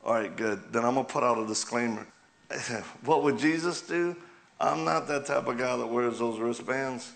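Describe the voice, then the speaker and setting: A man's voice: mid-range voice, moderate pace, creaky, a bit bright. A man preaching a humorous sermon in a church, telling stories, asking the crowd questions and laughing often. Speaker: guest preacher. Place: church sanctuary.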